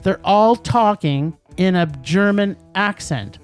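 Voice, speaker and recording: A man's voice: high voice, expressive, slow pace, clean tone, soft background music. A man co-hosting a podcast, ranting about movies in casual chat, emphatic and laughing. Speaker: podcast co-host. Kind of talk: casual film-review chat.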